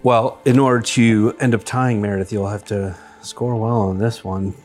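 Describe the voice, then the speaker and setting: A man hosting a comedy podcast, calmly judging a game with dry, deadpan rulings. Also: lowish voice, moderate pace, soft background music. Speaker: podcast host and game judge. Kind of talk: podcast banter.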